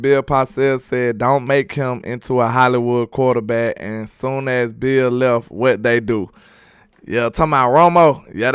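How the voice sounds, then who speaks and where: A man's voice: mid-range voice, smooth, no room sound, studio quality. A man hosting a casual sports live stream, reading viewer comments aloud in a loose, slangy, repetitive way and laughing often.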